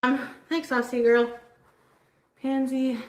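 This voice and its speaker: A woman chats on her own live stream, rambling and hesitant and greeting viewers by name. Her voice sits fairly high. The room is echoey. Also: little pitch movement, slow pace. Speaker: vlogger being watched. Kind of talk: casual live-stream chat.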